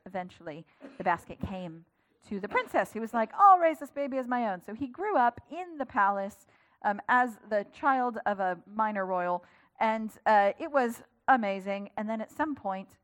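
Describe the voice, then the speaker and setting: A woman giving a casual, chatty sermon, retelling a scripture story with playful acted-out asides. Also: fairly high pitch. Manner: chatty and conversational, acts out quotes with playful asides. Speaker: preacher.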